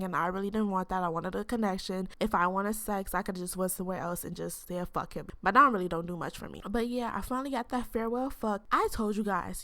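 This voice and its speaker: A woman's voice: mid-range voice, a bit bright. A young woman hosting her own podcast in brash, profane, joking casual chat. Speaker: podcast host.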